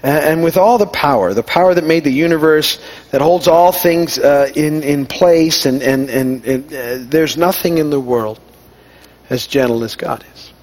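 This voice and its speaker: A man's voice: on the high side, moderate pace, a little mellow. A middle-aged man giving an informal sermon, telling personal stories and acting out the dialogue in a conversational, self-deprecating way. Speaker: pastor.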